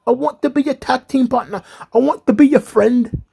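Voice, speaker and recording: Brief: clingy young woman, squeaky and needy, put on by a man. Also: normal speed, creaky, dark tone, husky, heavily acted. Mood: pleading. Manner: high pleading squeaky impression.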